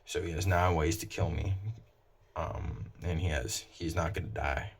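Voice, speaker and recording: A man casually explaining his own song lyrics in a flat, low-emotion way, with many fillers. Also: measured pace.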